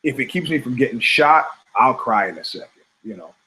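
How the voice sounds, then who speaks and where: A man's voice: medium pitch, lively intonation, a little fast, sharp tone, low-quality recording. A middle-aged man hosting a podcast, telling rambling, profane stories in a sardonic, comedic monologue. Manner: profane, sardonic, storytelling with quoted voices. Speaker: podcast host.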